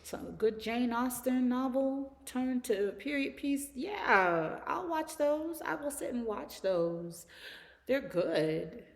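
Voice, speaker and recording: A woman's voice: sits high, expressive, slow. A woman hosting her own podcast, chatting casually in an easygoing, laugh-prone way and repeating phrases for emphasis. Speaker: podcast host. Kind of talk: casual solo podcast chat. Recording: long hall reverb.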